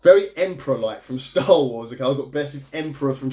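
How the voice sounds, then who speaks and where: A man's voice: mid-range voice, lively intonation, quick pace, few pauses, mellow. A man in a casual video review, recapping a movie plot in a chatty, amused, rambling way. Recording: echoey room.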